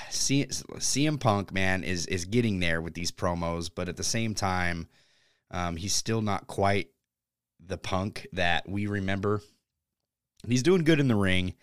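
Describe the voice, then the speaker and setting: A man with a deep, smooth voice talks in a relaxed, rambling way, full of ums and casual swearing. The recording is dry and close. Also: a little slow, no echo. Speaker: podcast host. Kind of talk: casual wrestling chat.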